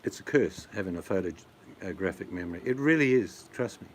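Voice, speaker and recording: Answering his viewers' chat, this middle-aged vlogger with an Australian accent keeps things casual, blokey and full of rambling jokes. His low-pitched voice is expressive and moves at a normal speed, over slight background noise.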